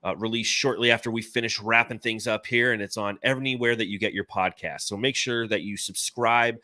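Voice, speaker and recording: A man in his forties hosting a casual sports podcast, talking in an animated, rambling, enthusiastic way. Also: lowish voice, brisk, no room sound, studio quality. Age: 40s. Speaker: podcast host.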